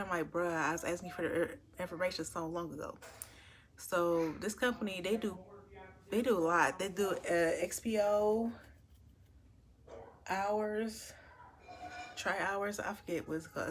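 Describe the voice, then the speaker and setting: A woman truck driver talking casually to her camera, telling a long, candid, rambling story with drawn-out phrases. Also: fairly low pitch, slight background noise.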